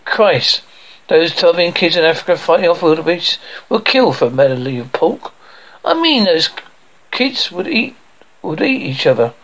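A man voicing a gruff, short-tempered blue-collar father from a cartoon, scolding in a blustering way. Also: on the high side, big pitch swings, moderate pace, a bit bright, rough recording.

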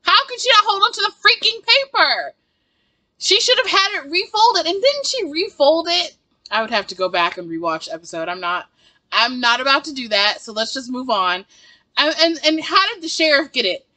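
A woman's voice: high-pitched, lively intonation, normal speed, sharp tone, no room sound. A woman giving a casual reaction review of a TV episode, ranting in exasperation and laughing often.

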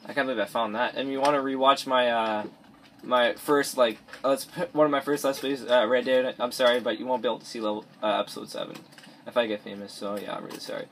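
Recorded in a bedroom on a cheap or device mic with a little hiss or hum, a teenage boy talks fast through let's play gameplay commentary. His male voice is medium-pitched, a bit bright and fairly even in intonation, and he rambles, restarting sentences and mumbling asides.

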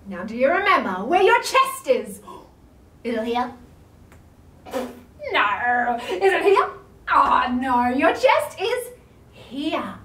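This Australian yoga teacher for toddlers has a high, bright, forceful voice and is very animated, speaking slowly with long pauses. Her online class is playful and sing-song, full of big surprised gasps. The distant mic sounds roomy, with faint ambience.

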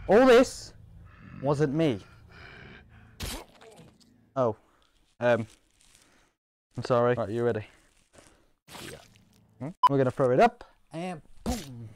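Excitable British man yelling at game enemies. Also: medium pitch, background noise. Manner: excitable, joking, shouts and laughs at game enemies. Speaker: gaming YouTuber. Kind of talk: playing a VR game with commentary.

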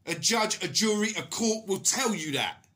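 A middle-aged man rants furiously to the camera, swearing hard. His voice is sharp and forceful, and he slips into mocking put-on voices as he goes. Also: high-pitched, expressive, normal speed, slightly rough. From England. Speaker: vlogger. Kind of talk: angry personal rant to camera.

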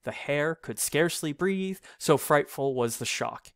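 A man reading an old rhyming storybook aloud, in a measured, sing-song delivery. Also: fairly high pitch, lively intonation, gravelly, clean tone, no room sound, clean studio sound.

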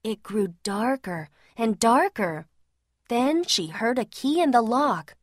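A woman reads a children's picture book aloud, slow and clear. Her slightly high voice rises and falls a lot, and the recording is close and dry. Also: expressive, dry recording. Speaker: storyteller. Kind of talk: reading a children's storybook aloud.

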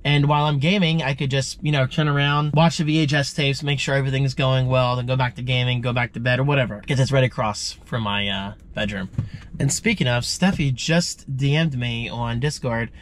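A man's voice: mid-range voice, steady tone, a little fast, a little hiss or hum. A man vlogging casually, sounding congested and rambling in a chatty, self-deprecating way. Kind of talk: casual vlog chat.

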